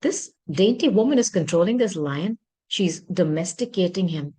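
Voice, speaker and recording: A woman with a lowish voice reads tarot cards for her viewers in an earnest, searching way. She often thinks out loud and apologizes for what she sees, and her pitch and loudness rise and fall. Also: expressive, normal speed, slightly rough. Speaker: tarot reader. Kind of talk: tarot reading monologue.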